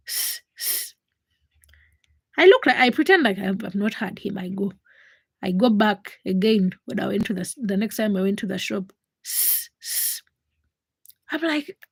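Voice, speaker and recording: A woman in her twenties, hosting a livestream and telling a personal story in a casual, animated way, acting out the voices of the people in it. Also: medium pitch, creaky, breathy edge, dry recording. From Uganda. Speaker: livestream host.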